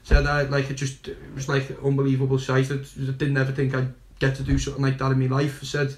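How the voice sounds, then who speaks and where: A man's voice: mid-range voice, completely flat delivery, fast talker, reverberant. A young man telling a story in casual, rambling fashion, swearing and laughing along the way. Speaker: guest.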